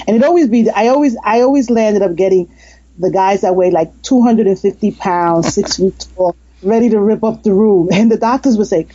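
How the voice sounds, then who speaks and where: A former nurse turned hypnotist, this woman is a guest in a casual interview, telling earnest, warm-hearted stories full of restarts and laughter. Her voice is medium-pitched and expressive at a moderate pace, though the audio sounds dull.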